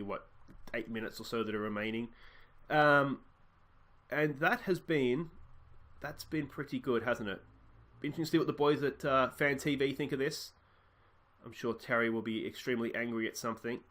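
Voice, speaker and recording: A man casually commentating on his football management game as host, musing and reacting to the action. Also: mid-range voice. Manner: chatty, musing, bursts of excitement. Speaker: let's play host.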